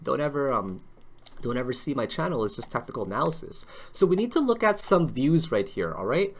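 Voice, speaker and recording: A man's voice: medium pitch, very animated, a little fast. A man hosting a live stream on crypto charts, chatty and joking, always checking in with tag questions.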